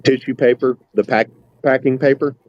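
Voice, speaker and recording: A man's voice: mid-range voice, steady tone, normal speed, dull audio. A man co-hosting a casual podcast, joking around and hesitating with fillers. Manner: joking, hesitant, laid-back. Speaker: podcast co-host. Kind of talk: casual chat.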